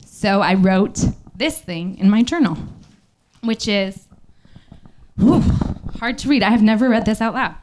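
A woman with a fairly high voice tells a personal story to a live audience in a small venue. She talks candidly and haltingly, with plenty of fillers, into a stage microphone.

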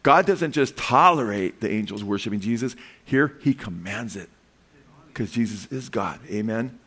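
Man, preacher, sermon, animated, quizzes congregation, acts out quotes. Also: fairly low pitch, normal speed, breathy edge.

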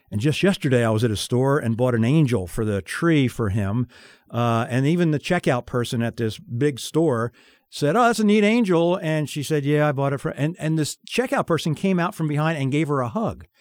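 A man's voice: medium pitch, moderate pace, darkish tone, no room sound, clean studio sound. A man hosting a radio show, telling a personal story in casual chat and acting out the dialogue.

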